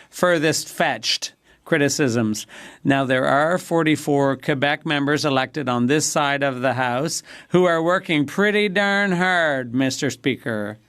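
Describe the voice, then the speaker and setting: A man giving a measured, formal simultaneous interpretation of a parliamentary debate. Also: medium pitch, clear, resonant tone.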